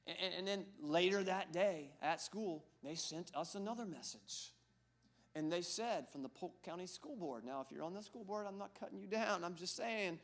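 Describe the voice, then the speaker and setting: A man's voice: on the high side, gravelly. A male pastor preaching a sermon in a church sanctuary, conversational and joking, asking the congregation questions.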